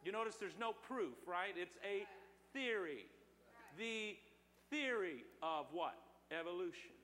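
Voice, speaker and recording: A man's voice: sits high, animated, a little slow, sharp tone, in a large hall. A middle-aged male pastor preaching a sermon in church, talking with his congregation and drawing answers from them. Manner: preaching with call-and-response to congregation. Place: church sanctuary.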